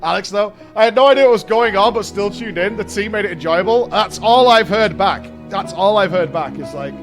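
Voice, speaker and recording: A man with a hoarse voice chatting excitedly with his stream audience, swearing freely and repeating himself as he reads chat. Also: high-pitched, a little fast, soft background music. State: hoarse from shouting. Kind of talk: casual chat with a live audience.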